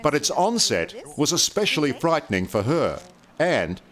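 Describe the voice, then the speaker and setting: A man narrating a TV news story in a measured, scripted way. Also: fairly high pitch, sing-song, a bit bright. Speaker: reporter and narrator. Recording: narration over music.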